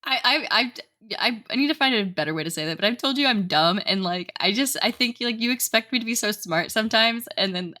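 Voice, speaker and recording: A woman's voice: fairly high pitch, animated, fairly quick, pushed and bright. A woman in her twenties co-hosting a podcast in casual chat, giggly and self-deprecating. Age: 20s. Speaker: podcast co-host.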